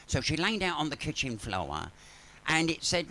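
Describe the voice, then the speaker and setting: Bawdy drag comedian, bright voice. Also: male voice, fairly high pitch, very animated, normal speed. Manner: bawdy, camp, laughs at own jokes. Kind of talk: live comic storytelling. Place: pub stage, live audience. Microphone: handheld stage mic via sound desk.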